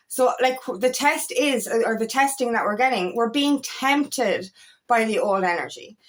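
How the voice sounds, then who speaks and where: Rambling, emotional woman coach, slightly high. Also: fairly bright tone. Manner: rambling, emotional, many restarts and repeats. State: tired and emotional. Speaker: feminine empowerment coach. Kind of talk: casual spiritual talk to camera.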